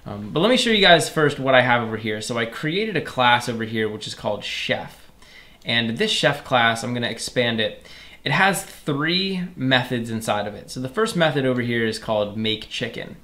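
A man's voice: mid-range voice, animated, normal speed, sharp tone. A man teaching programming in a screen-recorded tutorial, explaining each step casually and speaking to viewers as "you guys". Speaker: programming instructor.

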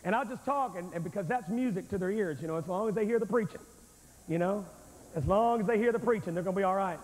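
High-voiced preacher in a reverberant hall. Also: male voice, fast talker. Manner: folksy, emphatic, addresses the crowd directly. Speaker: revival preacher. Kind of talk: revival sermon. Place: large church sanctuary with thousands present. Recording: reverberant hall on an old VHS tape.

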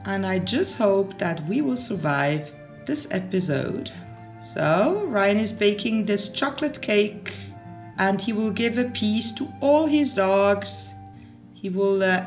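Slow-talking woman narrating her game. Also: mid-range voice. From Switzerland. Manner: chatty, talks to her game characters, emotional outbursts. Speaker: gaming YouTuber. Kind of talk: casual let's play commentary. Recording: faint background music.

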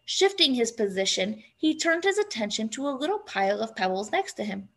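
A woman narrating a storybook aloud in an expressive, lively storytelling manner. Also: on the high side, brisk. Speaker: reader.

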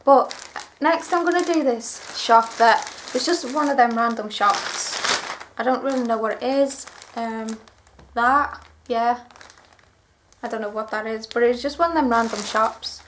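A woman's voice: fairly high pitch, measured pace, a little hiss or hum. A young woman chatting through a clothing haul vlog, gushing and rambling with enthusiasm. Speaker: vlogger.

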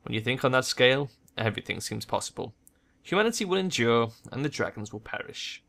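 Bright-voiced man reading a game aloud. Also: mid-range voice, very animated, a little fast, vocal fry. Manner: casual, jokey, swears in asides. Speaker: let's play narrator. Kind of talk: reading game text aloud with casual asides.

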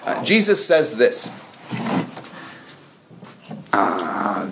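A man's voice: medium pitch, expressive, normal speed, fairly bright tone. A man leading an informal church Bible study for a small group, chatty and prone to stumbling over words.

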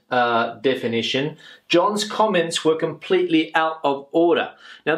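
A man's voice: mid-range voice, fairly bright tone. Male English teacher, patient and repetitive, explaining phrases with filler words. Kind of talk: video English lesson.

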